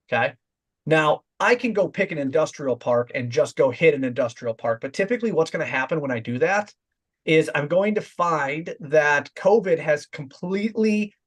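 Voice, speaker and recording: Direct-talking male sales trainer. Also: fairly high pitch. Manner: direct, demonstrates voice tones in quoted examples. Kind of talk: training talk.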